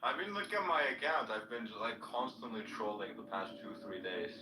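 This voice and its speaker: Brief: lowish, blunt man, distant from the mic. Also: sing-song, fairly quick, reverberant, noisy background. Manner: blunt, dismissive, swears. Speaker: chat participant. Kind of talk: casual chat.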